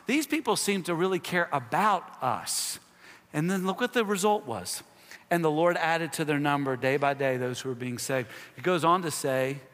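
A man's voice: high-pitched, sharp tone. A man preaching a sermon to a congregation in a large worship space, emphatic, repeating his phrases and putting questions to the listeners. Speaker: pastor. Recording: long hall reverb.

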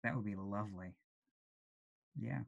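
A man's voice: fairly low pitch, unhurried, gravelly, highs cut off. A man, an actor and director, talking casually as an interview guest, thoughtful and hesitant, with frequent ums. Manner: thoughtful, with many ums and restarts.

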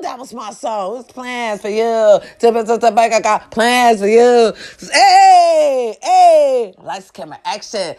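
A middle-aged woman chatting casually and loudly to her viewers, swearing freely and breaking into snatches of song. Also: on the high side, a little slow, few pauses. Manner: loud, profane and animated, with sung snippets. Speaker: live-stream host.

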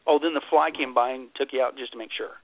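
Man, pastor as interview guest, husky voice, emphatic, jokey, tinny phone sound. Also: mid-range voice, steady tone, quick pace, no echo. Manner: emphatic and joking, repeats punchlines. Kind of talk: animated interview storytelling.

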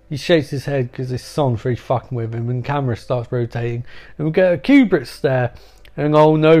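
A man giving an excitable, profane, rambling comedic recap of a film. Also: mid-range voice, normal speed, soft background music. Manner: excitable, sweary, rambling asides. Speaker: movie recap commentator.

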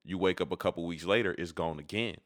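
A man's voice: sits low, fast talker, fairly bright tone, dry recording, clean studio sound. A man in casual conversation, telling stories in a laid-back, slangy way. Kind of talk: casual chat.

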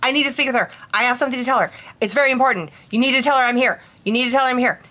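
A woman's voice: on the high side, very fast, bright, forceful tone. A woman voicing the insistent, repetitive ghost of an older woman who wants a message passed on. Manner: pleading, repetitive.

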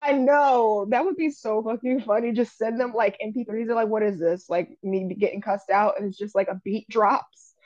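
A woman's voice: fairly high pitch, fairly even intonation, moderate pace, hardly any pauses, a little mellow, no echo, dull audio. A woman co-hosting a casual gossip podcast, blunt and profane, telling the story with jokes. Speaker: podcast co-host.

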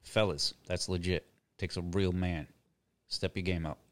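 Low-pitched and steady, a middle-aged man hosting a podcast rants crudely for laughs at a measured pace, cursing, repeating himself, and chuckling. There's no room sound.

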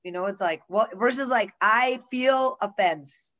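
A woman's voice: medium pitch, a little slow, a bit bright, muffled recording. A woman with a mid-range voice chats casually as a co-host. She voices firm opinions and wanders through asides and restarts as she talks. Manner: opinionated, loose conversational flow with many asides. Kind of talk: casual chat.

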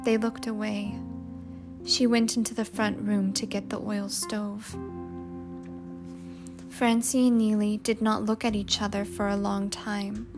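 Slow woman narrator for storybook reading over a music bed. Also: mid-range voice. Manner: slow, measured, expressive. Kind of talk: storybook read-aloud.

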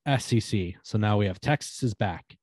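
A man with a fairly low voice co-hosts a casual sports podcast. He sounds laid-back and reads out long lists of teams, his voice trailing off at the end of each one. The recording is dry and close. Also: moderate pace, darkish tone, no echo. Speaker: podcast co-host.

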